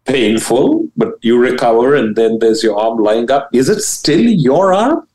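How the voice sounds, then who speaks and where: A man, a spiritual teacher and guest, explaining ideas in an animated, emphatic way with blunt, casual wording and big swoops in pitch. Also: unhurried, few pauses, poor audio. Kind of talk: animated interview talk about spirituality.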